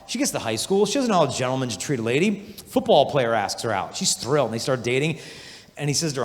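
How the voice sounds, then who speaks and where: A man giving an energetic youth conference talk, telling animated stories and acting out the voices of people he describes. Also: medium pitch, quick pace. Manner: animated storytelling, acts out quoted voices. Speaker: conference speaker. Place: large hall. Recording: long hall reverb.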